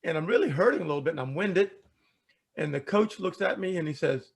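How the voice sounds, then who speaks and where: A man telling a personal story in an animated way, asking rhetorical questions and repeating words as he talks. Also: a little high, brisk, vocal fry, husky. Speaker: speaker telling a life story. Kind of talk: storytelling talk.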